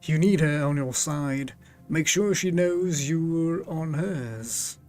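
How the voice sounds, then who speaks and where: A man's voice: on the high side, slow, darkish tone, faint music behind. A man streaming a game live, chatting casually and reading its text aloud, laughing often.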